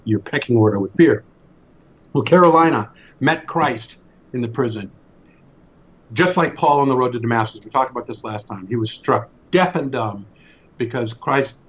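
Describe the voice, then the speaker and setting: A man's voice: medium pitch, dull audio. A man telling a story in an earnest, emphatic way, repeating words as he builds his point. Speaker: speaker in a faith discussion.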